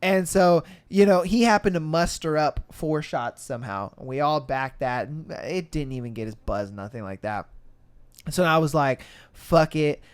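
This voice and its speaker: A man's voice: normal speed, clear, resonant tone. A man hosting a podcast, telling a story casually, acting out quotes and swearing often. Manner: animated, acts out quotes with shifting pitch and volume, laughs and swears often. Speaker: podcast host.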